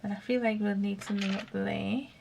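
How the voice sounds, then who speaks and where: A woman's voice: mid-range voice, fairly even intonation, a little fast, gravelly, darkish tone, slight background noise. A woman hosting a craft video, chatting and thinking aloud while she works. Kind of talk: casual craft narration.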